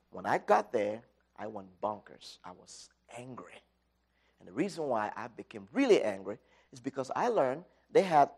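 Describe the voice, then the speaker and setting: A middle-aged man giving an inspirational talk, telling a personal story with dramatic swings from loud to quiet. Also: on the low side, gravelly. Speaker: speaker.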